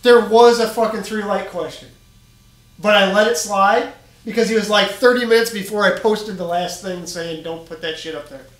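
Dude ranting about posers, heated, cussing, echoey garage sound. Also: male voice, high voice, fairly even intonation, normal speed. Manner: ranting, heated, swears a lot. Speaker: podcast co-host, group admin. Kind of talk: casual profane chat.

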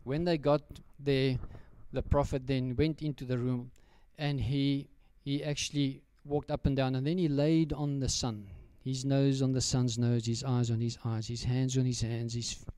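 A man's voice: mid-range voice, little pitch movement, normal speed, hardly any pauses, mellow, smooth, dry recording. A man, preaching a sermon as pastor and telling a story in a direct, storytelling way, often turning to address the children.

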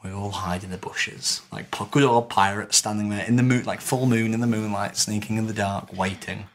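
A man's voice: on the low side, normal speed, a little hiss or hum. A man co-hosting a podcast, telling a weekend adventure in casual chat, swearing freely and acting out what people said. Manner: lively storyteller who swears freely and acts out quotes. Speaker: podcast co-host telling a story. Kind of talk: casual chat recounting a live-action role-play weekend.

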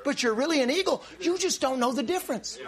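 High, lively male preacher. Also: quick pace. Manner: animated preaching with repeated restarts and occasional shouts. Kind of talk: sermon.

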